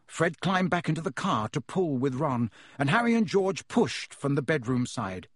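Husky-voiced man reading a storybook. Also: on the high side, very animated, moderate pace, no echo. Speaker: audiobook reader. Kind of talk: storybook narration.

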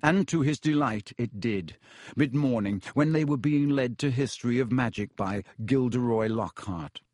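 Brief: male audiobook narrator, mid pitch, measured, dry close mic. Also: darkish tone, dry recording. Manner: measured storytelling. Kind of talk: scripted narration.

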